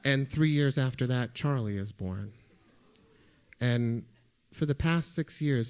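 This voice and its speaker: A man's voice: medium pitch, takes it slowly, long pauses, clear, resonant tone. A middle-aged man telling a first-person story live on stage into a microphone, with conversational delivery and dry comic timing. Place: music hall stage before a live audience.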